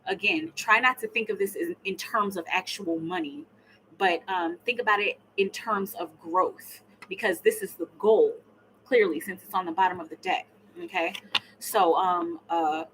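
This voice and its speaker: A woman's voice: on the low side, normal speed, a bit bright, a little hiss or hum, poor audio. A woman giving a live tarot reading, chatting casually and laughing, sometimes murmuring her questions to the cards. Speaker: tarot reader.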